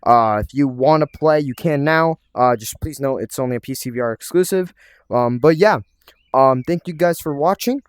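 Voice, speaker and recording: In a smooth, medium-pitched voice at a moderate pace, a young man presents the revival of his VR game as a casual tutorial vlog. He rambles, restarting often and using plenty of fillers, and the recording is dry and studio quality.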